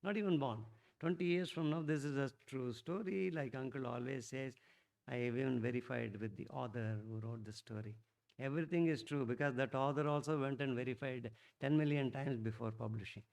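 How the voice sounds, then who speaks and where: Animated man telling a devotional story. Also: mid-range voice, fairly quick, gravelly. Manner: animated, rambling, with restarts and sudden loud bursts. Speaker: satsang speaker.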